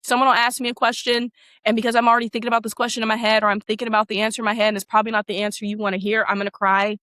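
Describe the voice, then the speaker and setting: A woman's voice: on the high side, little pitch movement, very fast, sharp tone, no echo. A woman in her thirties, a former teacher and coach, telling her story in a candid interview with emphatic, casual talk.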